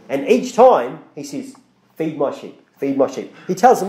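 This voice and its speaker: A male pastor preaches a sermon loosely and conversationally, restarting phrases and acting out small quoted exchanges. His fairly high, mellow voice is sing-song, rising and falling a lot at a normal speed. The church hall's echo can be heard.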